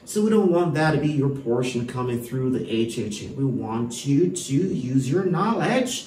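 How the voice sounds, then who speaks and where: A man's voice: medium pitch, big pitch swings, normal speed, a little mellow, far from the mic, slight background noise. A man teaching a homeschool English lesson to children, emphatic and full of rhetorical questions. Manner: emphatic, rhetorical questions, frequent "all right". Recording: echoey room, voice from off-mic.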